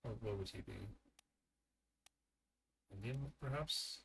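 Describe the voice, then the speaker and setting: A man's voice: medium pitch, takes it slowly. A man streaming a game live, thinking aloud and muttering his guesses as he works through a puzzle.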